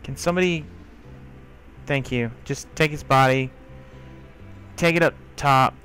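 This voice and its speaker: A man's voice: medium pitch, a little slow, fairly bright tone, faint music behind. A man giving let's play commentary, exasperated and scolding the characters in his game. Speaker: gamer.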